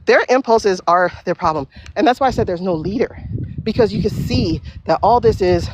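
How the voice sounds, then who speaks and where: A woman hosting a casual livestream while walking outdoors, talking in an animated, profane way with quick asides. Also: mid-range voice, noisy background. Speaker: livestream host. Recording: dull lo-fi livestream audio.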